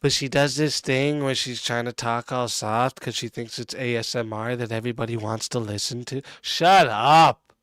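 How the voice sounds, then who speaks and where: Man, reaction commentary, mocking, profane, crisp voice, dry sound. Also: mid-range voice, normal speed, a bit bright, no echo. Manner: mocking, blunt, swears a lot. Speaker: streamer reacting to a clip.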